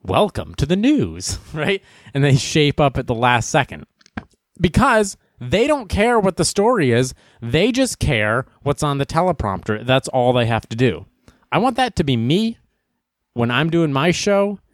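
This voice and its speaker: A young man hosting a comedy news show, joking and rambling through stories with quick asides. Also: medium pitch, very animated, no echo, studio quality. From Boston area. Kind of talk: casual comedic news commentary.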